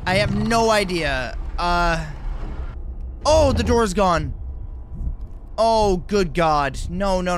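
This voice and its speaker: A man's voice: high-pitched, a bit bright, slight background noise. Jumpy nervous man playing a horror game. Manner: jumpy, nervous reactions, frequent exclamations. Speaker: gaming YouTuber. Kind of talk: horror game let's play commentary.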